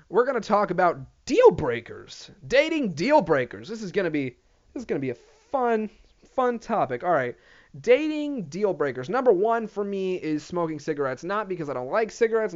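A young man hosting a casual solo rant, full of swearing and sidetracks. He apologizes for himself as he goes. His voice sits a bit high, and the recording sounds muffled and lo-fi. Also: sing-song, moderate pace. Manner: profane, rambling, self-deprecating. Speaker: podcast host. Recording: dull lo-fi recording.

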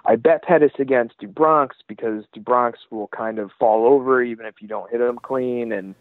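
A man's voice: medium pitch, normal speed, no echo. A man co-hosting a casual fight-betting podcast, talking in a laid-back, conversational way with some swearing. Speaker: podcast co-host. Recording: dry, tinny phone-like line.

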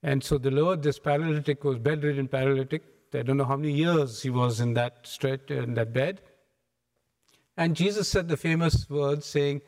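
Brief: male preacher, animated storyteller, fairly high voice, church with a long echo. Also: normal speed. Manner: animated storytelling, acts out scenes. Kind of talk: sermon. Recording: echoey hall.

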